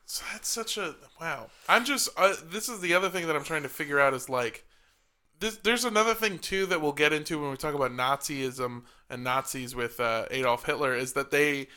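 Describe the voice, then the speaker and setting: A man's voice: fairly high pitch, normal speed, clear, resonant tone. A man co-hosting a podcast in casual comedic chat, joking and asking questions. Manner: jokey, animated, asks questions. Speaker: podcast co-host.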